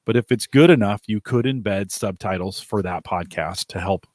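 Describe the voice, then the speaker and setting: A man's voice: on the low side, moderate pace, a little mellow, no echo, studio quality. A man co-hosting a live podcast, giving practical advice in a casual, explanatory way. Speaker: podcast co-host.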